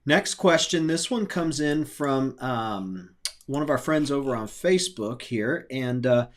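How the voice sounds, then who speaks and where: A man co-hosting a show, reading viewer questions aloud in a slow, measured way. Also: mid-range voice, animated.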